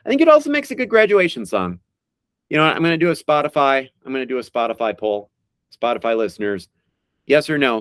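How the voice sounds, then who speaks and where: A man hosting a trivia podcast, reading song lyrics slowly and deliberately and announcing each question with animated energy. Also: lowish voice, smooth, dry recording, studio quality. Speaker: podcast host.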